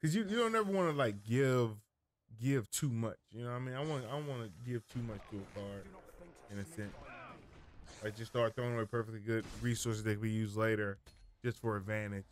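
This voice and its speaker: A man's voice: lowish voice, fairly quick, a little hiss or hum. A man giving casual gameplay commentary as a streamer, thinking aloud, rambling and often correcting himself mid-sentence.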